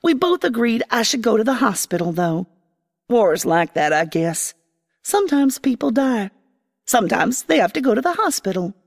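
A woman narrating a first-person fantasy story in an expressive, dramatic way. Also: a little high, normal speed, creaky, in a large hall. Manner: expressive, dramatic, voicing a young girl.

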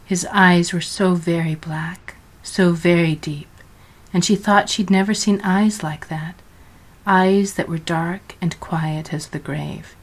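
A woman narrates a story in a measured, deliberate way. Her voice sits on the low side for a woman. The reading is steady and scripted. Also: breathy edge.

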